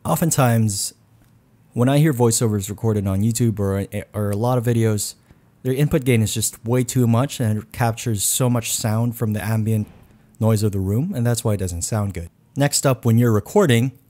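A YouTube tech reviewer narrates a voice-over tutorial in a low, deliberate announcer style. He's recorded up close on a condenser mic in a quiet home room.

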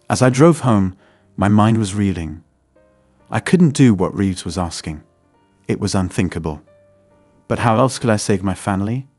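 A man narrating a first-person story in a steady, scripted way. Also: fairly low pitch, normal speed, no room sound, soft background music.

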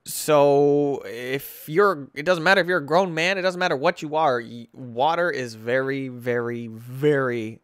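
A young man rambling through casual gameplay commentary as a gaming video host, excitable and full of filler words. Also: mid-range voice, measured pace, few pauses, smooth, no room sound, studio quality. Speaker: gaming YouTuber.

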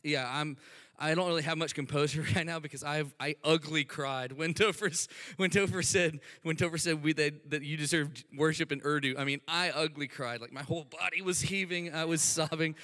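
A man's voice: fairly high pitch, fairly even intonation, fairly quick, pushed and bright. Southern man speaking in a reverberant church. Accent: Southern American (Alabama). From Alabama, USA. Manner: eager, chatty, laughs often, many fillers. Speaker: guest speaker, missionary. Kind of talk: sermon introduction. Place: church sanctuary. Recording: long church hall reverb.

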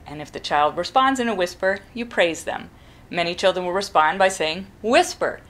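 A middle-aged woman, a parent, calmly explaining step by step how to teach a child to whisper. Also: fairly low pitch, moderate pace. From New England. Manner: calm, practical, demonstrates whispering. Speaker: parent giving advice. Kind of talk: instructional talk to camera.

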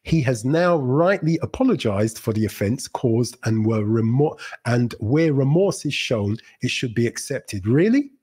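A man's voice: medium pitch, lively intonation, measured pace, few pauses, darkish tone, breathy edge. A man hosting a livestream, giving blunt, rambling commentary on news articles, often correcting himself and laughing at what he reads. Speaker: livestream host.

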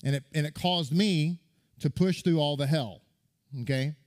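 A male rabbi giving a sermon, telling stories in a lively, conversational way with frequent restarts. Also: a little high, moderate pace. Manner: animated storytelling with restarts and acted quotes.

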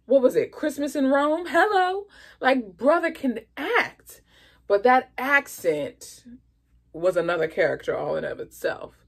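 A woman talks through a movie review in a loose, chatty vlog style, full of expressive asides. She speaks slowly and lets her words stretch out. Her voice has a gravelly, fry-touched edge. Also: high-pitched.

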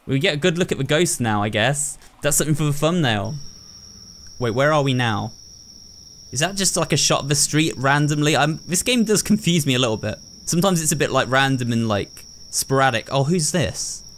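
A young man, a gaming YouTuber, talks to his viewers and thinks aloud while playing a horror game. His voice sits on the high side, animated and brisk, with a fairly bright tone. Horror game sounds come through clearly behind him, along with slight background noise.

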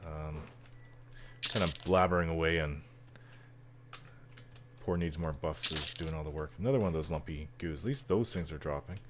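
A man talks over his game in an extremely deep, low voice. He rambles loosely, full of ums and little chuckles, and a faint hiss of noise sits behind him. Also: normal speed, long pauses. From Canada. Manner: rambling, chuckles often, many fillers. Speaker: gameplay commentator. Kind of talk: casual let's-play chatter.

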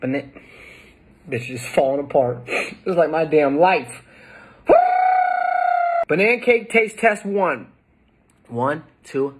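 A woman comedian cooking in her home kitchen, giving loud, exclaiming, profane running commentary. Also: sits low, lively intonation, takes it slowly, pauses often, slight background noise.

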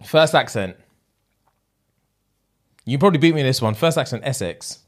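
Brief: male podcast co-host, playful banter, voice swings widely, quick to laugh. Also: medium pitch, animated. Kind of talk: casual chat.

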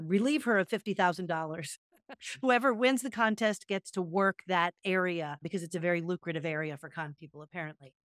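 A woman co-hosting a podcast in casual chat, retelling stories with lively energy. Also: medium pitch, clean tone, no echo, studio quality. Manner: animated storyteller, retells scenes with energy. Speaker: podcast co-host.

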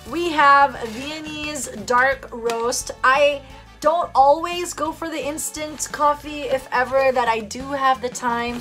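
A woman's voice: on the high side, fairly bright tone. Giggly woman vlogger over music. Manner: giggly, playful and chatty. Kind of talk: casual unboxing chat. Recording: clear background music under voice.

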